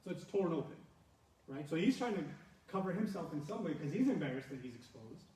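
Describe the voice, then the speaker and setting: A man teaching a scripture lesson in an animated manner, acting out quotes and laughing often. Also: fairly high pitch, a little fast, roomy sound, far from the mic, low-quality recording. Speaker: religious lecturer.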